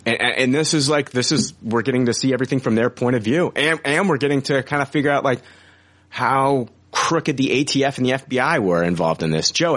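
A man in his forties hosting a podcast in casual chat, rambling with many fillers and frequent swearing. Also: mid-range voice. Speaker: podcast host.

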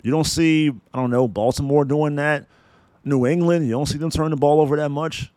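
A man's voice: a little high, fairly even intonation, a little fast, a little mellow, no room sound. A man hosting a sports podcast, delivering a blunt, profane, fired-up rant about his team. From San Francisco Bay Area.

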